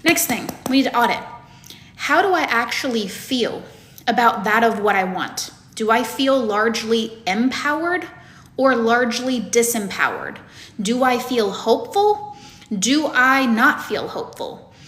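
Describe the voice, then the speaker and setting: A woman's voice: on the high side, sing-song, unhurried, a bit bright, echoey room. A woman coach giving a lecture to her students, blunt and emphatic, with plenty of swearing. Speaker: manifestation coach.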